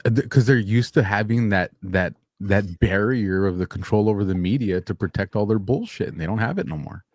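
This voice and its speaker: A man's voice: fairly low pitch, a little fast, no echo. A man co-hosting a podcast in casual chat, wisecracking and laughing often.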